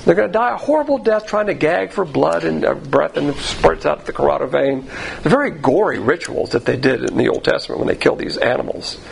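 A man's voice: fairly high pitch, expressive, brisk, creaky, a little hiss or hum, low-quality recording. A man preaching a sermon as pastor, talking in a conversational, emphatic way and asking many rhetorical questions.

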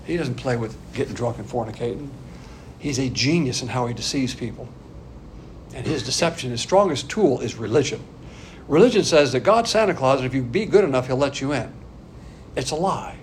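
A man's voice: mid-range voice, brisk, darkish tone, a little hiss or hum. A middle-aged man, a pastor, giving an expository Bible teaching in a conversational, emphatic way with dry asides.

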